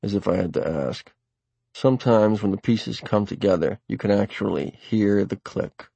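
A man reading a first-person novel aloud in a wry, dry, deliberate way. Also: fairly low pitch, vocal fry, mellow, slightly rough, no echo, dull audio. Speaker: audiobook narrator. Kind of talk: first-person audiobook narration.

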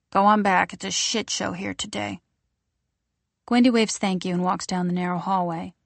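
A woman's voice: on the low side, no room sound. Woman narrating an audiobook, dry close sound. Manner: even, descriptive storytelling. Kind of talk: scripted narration.

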